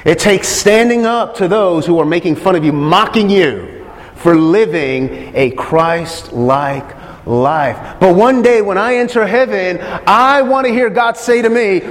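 High-voiced man preaching with long reverb. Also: measured pace. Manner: emphatic, repeats phrases, asks listeners questions. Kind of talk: sermon.

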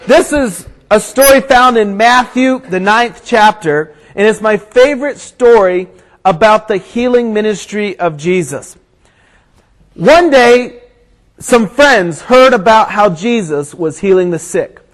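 A man preaching to a crowd, praying and then telling a funny story before a Bible passage, growing animated and shouting at the climax. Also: sits high, takes it slowly, poor audio. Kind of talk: storytelling sermon.

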